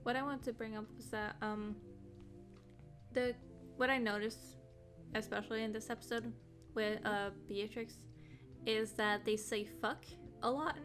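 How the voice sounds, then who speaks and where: A woman's voice: fairly high pitch, steady tone, a bit bright, soft background music. A woman guest chatting casually about a series, speaking hesitantly with fillers. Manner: slow, hesitant, laughs easily. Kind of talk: casual video discussion.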